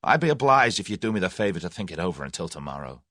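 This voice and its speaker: A man's voice: sits low, very animated, very fast, a bit bright, dry recording, studio quality. A man voicing a brash, confident young man with a breezy, direct way of talking. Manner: breezy, direct, folksy slang.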